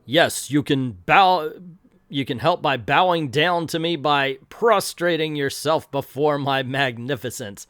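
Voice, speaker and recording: A man's voice: a little high, a little slow, fairly bright tone, smooth, dry recording, clean studio sound. A man voicing an arrogant, boastful male supervillain from a comic, reading the lines in a pompous, sneering way. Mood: gloating.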